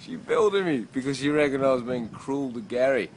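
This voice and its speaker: A male comedian with an Australian accent, joking crudely and deadpan in a handheld vlog outdoors. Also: mid-range voice, moderate pace, slight background noise. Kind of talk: jokey handheld vlog banter.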